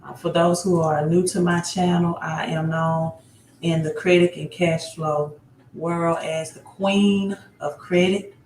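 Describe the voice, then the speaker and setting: A livestream host greets viewers one by one, repeating place names and often tagging her phrases with "right?". Her fairly low voice is measured and a little mellow with little pitch movement, over a little hiss or hum and a roomy echo.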